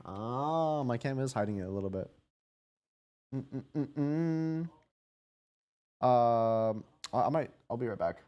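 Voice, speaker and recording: A man's voice: mid-range voice, lively intonation, slow, long pauses, highs cut off. Casual young man streaming. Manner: rambling, self-correcting, swears casually. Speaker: streamer hosting a watch party.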